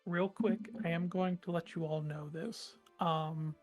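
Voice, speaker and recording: Woman game master: deep, slow, hesitant narration. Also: fairly even intonation, darkish tone, faint music behind. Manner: hesitant, with many ums and pauses.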